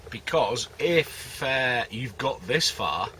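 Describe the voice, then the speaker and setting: A man's voice: mid-range voice, expressive, takes it slowly, sharp tone. A man, rambling and joking in casual chat to camera while fishing at a lake. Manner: rambling, chatty, jokey. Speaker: carp angler vlogger. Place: outdoors by a lake, winter fishing camp. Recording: noisy outdoor recording.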